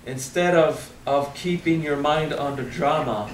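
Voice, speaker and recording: A man in his thirties with a French accent, speaking at a spiritual seminar, frank and animated, swearing casually and drawing out key words. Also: fairly high pitch, slow, few pauses, echoey room, recorded from a distance, noisy background. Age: 30s. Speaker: spiritual teacher. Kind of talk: seminar talk.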